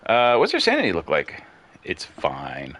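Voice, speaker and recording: A man's voice: low-pitched, huge pitch swings, measured pace, fairly bright tone. A man chatting casually as he plays a ghost-hunting game, musing aloud and calling out questions to the ghost. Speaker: gamer streaming his play. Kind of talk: casual commentary while playing.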